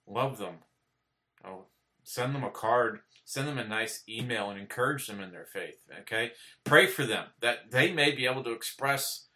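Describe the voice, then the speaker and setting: Indoors, a preacher delivers an informal sermon to camera in a medium-pitched, pushed and bright voice. He's earnest and plainspoken, often asking "okay?", restarting, and building to emphatic repeated peaks.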